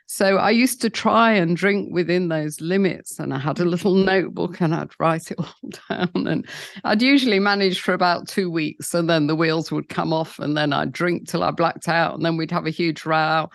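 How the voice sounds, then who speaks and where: A woman in her sixties with a British accent speaks candidly about her past. Her voice has a gravelly texture, and the sound is close and dry. She leans on "you know" and slips in wry laughs. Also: on the low side, no echo. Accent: British English. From Britain. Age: 60s. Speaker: guest. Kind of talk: personal storytelling interview.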